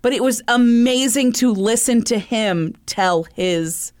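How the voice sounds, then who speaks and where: A woman co-hosts a podcast, chatting casually and telling stories with lots of fillers. Her voice sits a little higher than most. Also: slow, darkish tone. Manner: chatty storytelling with many fillers. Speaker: podcast co-host. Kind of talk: casual chat.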